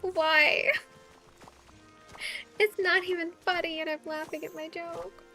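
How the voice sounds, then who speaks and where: A high-voiced woman streams a game and chats casually, giggling often and teasing her chat playfully. Faint game music plays under her voice. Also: level tone, slow, bright, forceful tone.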